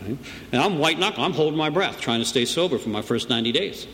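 A man's voice: on the high side, lively intonation, quick pace, a bit bright. Middle-aged guy sharing his recovery story at a meeting, chatty storyteller, keeps saying right?, long reverby room w/ faint hiss. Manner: storytelling, conversational, asks "right?" often. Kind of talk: personal recovery story told to a group.

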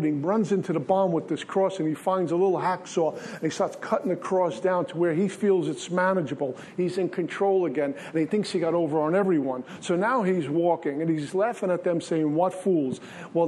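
A man's voice: a little high, darkish tone, slight background noise. A man giving an earnest personal spiritual testimony at a recovery meeting, telling a story in plain everyday words.

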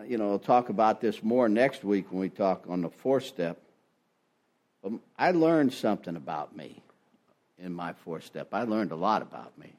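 Folksy older man, low lively voice. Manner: folksy, self-deprecating, peppered with "you know". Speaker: recovery meeting speaker. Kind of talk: personal testimony talk. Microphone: ear-worn headset mic.

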